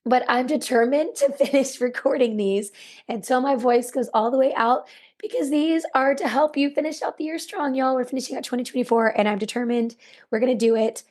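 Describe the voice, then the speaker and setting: A woman hosting a self-help podcast, earnest and repeating key phrases, her voice raspy and worn. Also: high-pitched, fairly quick, darkish tone. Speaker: podcast host. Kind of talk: encouraging self-help monologue.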